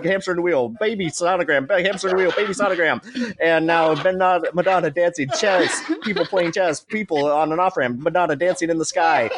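A man, a regular of a comedy show, rushing to describe a music video as it plays, stammering, swearing and laughing. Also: fairly high pitch, background noise.

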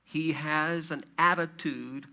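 A man's voice: on the high side, steady tone, slow pace, vocal fry, bright, forceful tone. A man preaching a sermon in a conversational way, with fillers and rhetorical questions. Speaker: pastor.

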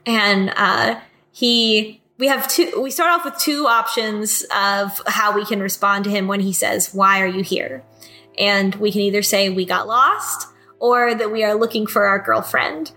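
A woman's voice: mid-range voice, unhurried, pushed and bright, soft background music. A woman co-hosting a casual podcast chat, recapping a video game with loose laughter and swearing. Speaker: podcast co-host.

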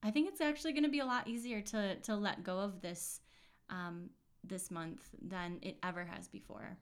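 A woman's voice: medium pitch, fairly even intonation, normal speed. Chatty, earnest woman podcast host. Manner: chatty, many fillers and restarts; earnest, reassuring. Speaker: podcast host giving intuitive readings. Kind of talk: casual spiritual podcast monologue.

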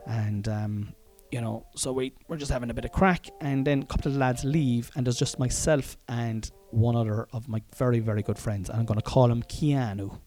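A man's voice: medium pitch, moderate pace, hardly any pauses, dark tone, soft background music. An Irish man telling a personal story in a casual monologue, frank and profane, chuckling often and wandering into asides.

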